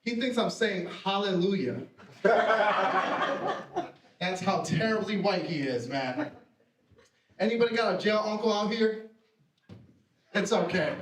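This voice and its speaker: Brash high-voiced comedian on a stage. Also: male voice, expressive, measured pace, long pauses, slight background noise. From Puerto Rican family. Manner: brash, profane, self-mocking punchlines. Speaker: stand-up comedian. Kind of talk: live stand-up set. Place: theater stage with live audience. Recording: roomy theater sound from a distance.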